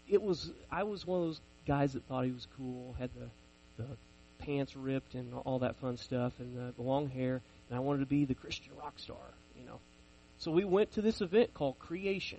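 A man's voice: mid-range voice, a little mellow, slight background noise, poor audio. A man in his forties preaching a sermon, telling personal stories in a conversational, self-deprecating way.

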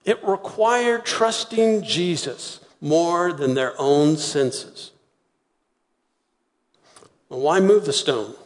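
Preacher guy giving a sermon, kinda high voice, acts out the voices, big hall echo. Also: very slow, pauses often. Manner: animated storytelling, acting out voices. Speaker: pastor.

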